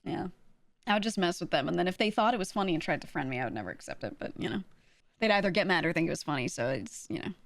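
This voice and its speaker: A woman's voice: fairly low pitch, sing-song, quick pace, creaky, no echo. A young woman streaming, chatting casually with viewers, laughing often and acting out quoted voices.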